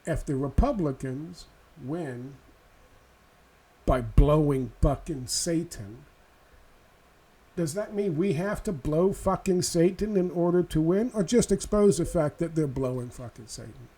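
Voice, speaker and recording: A man's voice: a little high, warm tone, a little hiss or hum. A man ranting sarcastically and profanely in a political video commentary.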